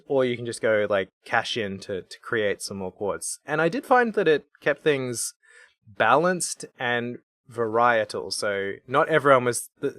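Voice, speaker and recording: A man co-hosting a podcast, chatting about a video game in a relaxed, rambling way. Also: mid-range voice, no room sound, clean studio sound. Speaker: podcast co-host.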